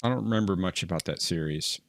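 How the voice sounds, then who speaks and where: A man's voice: low voice, quick pace. A man co-hosting a live stream, laid-back and brief, reading out chat comments. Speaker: stream co-host.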